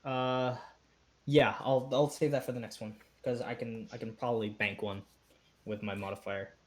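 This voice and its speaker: A man playing a tabletop game in a relaxed, easygoing way. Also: medium pitch, normal speed. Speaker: player.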